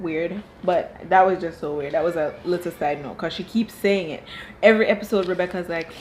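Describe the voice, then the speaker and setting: A woman's voice: fairly low pitch, brisk, a little hiss or hum, rough recording. A woman reviewing a reality show from home, talking casually and firing off exasperated rhetorical questions. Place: home room.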